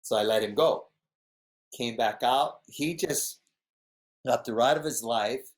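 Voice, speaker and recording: A man, a podcast guest telling a story in a casual, animated way, laughing often and acting out what others said. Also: medium pitch, unhurried. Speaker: podcast guest, big wave surfer.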